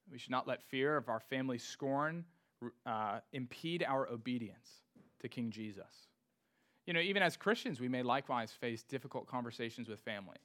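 A man's voice: mid-range voice, a bit bright. A man preaching a sermon to his congregation, reading scripture and rising to emphatic rhetorical questions. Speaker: pastor.

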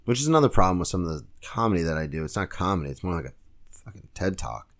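A young man hosts a solo podcast from a room at home, rambling through stories and sports talk in a loose, filler-heavy way. His voice sits very low. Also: lively intonation, quick pace. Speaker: podcast host and stand-up comic. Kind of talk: casual solo podcast rant. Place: home room, girlfriend nearby.

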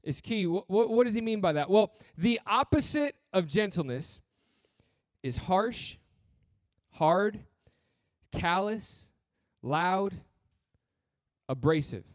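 A man's voice: sits high, animated, slow, long pauses, dry recording, clean studio sound. A man preaching a sermon as pastor, earnest and blunt, with touches of humor and repeated phrases.

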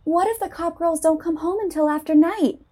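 Lady putting on a very high anxious teen girl, soft mellow tone, eager. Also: normal speed. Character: anxious faithful teenage girl friend.

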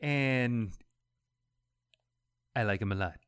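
A man in a casual comics chat, talking haltingly with frequent restarts and laughs. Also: medium pitch, fairly bright tone, smooth.

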